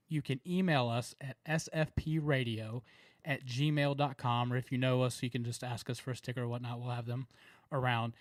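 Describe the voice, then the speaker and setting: A man's voice: medium pitch, no echo. Southern guy cohosting a podcast, rambly and laughing, dry close sound. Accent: Southern American. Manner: laughing, rambling, filler-heavy. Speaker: podcast co-host. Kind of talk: casual chat.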